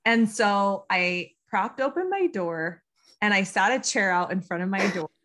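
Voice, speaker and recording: Speaking in a mid-range, fairly bright voice with lively intonation and a measured pace, this American woman in her thirties is a podcast guest. She recounts a story casually, with plenty of ums and laughs along the way.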